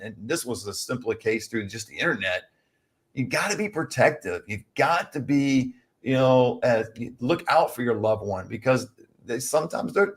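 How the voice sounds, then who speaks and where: A man of ordinary middle pitch talks through a casual advice chat. He rambles, restarts and keeps turning to the viewers with "guys". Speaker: co-host. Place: lives in California.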